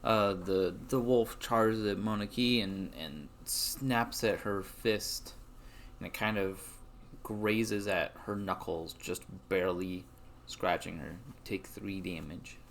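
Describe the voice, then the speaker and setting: A man's voice: low-pitched, fairly even intonation, slow pace, a little hiss or hum. A man narrating a tabletop game as game master, hesitant and full of fillers.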